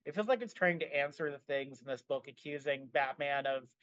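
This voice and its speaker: A man's voice: fairly high pitch, brisk, dry recording, dull audio. A man co-hosting a podcast in casual chat, talking animatedly and filling his sentences with "like". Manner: animated, frequent "like" fillers. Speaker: podcast co-host.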